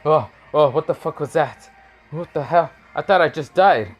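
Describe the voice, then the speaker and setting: A man voicing a hot-tempered grown male ninja teacher in an improvised fan story, pitched up, loud and panicky. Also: moderate pace, muffled recording, faint music behind, lightly acted. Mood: shocked.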